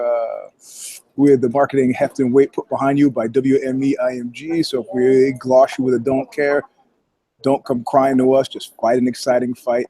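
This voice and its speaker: A man's voice: mid-range voice, mellow, husky. A man co-hosting a casual fight podcast from an airport over a laptop call, joking, swearing and laughing often. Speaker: podcast co-host. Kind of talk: casual chat.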